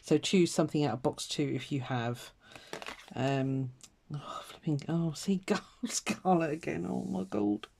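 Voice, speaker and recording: A woman's voice: low-pitched, a little slow, vocal fry, darkish tone. A woman chatting casually to viewers while she colours, self-mocking and muttering to herself with little laughs. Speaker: colouring vlogger.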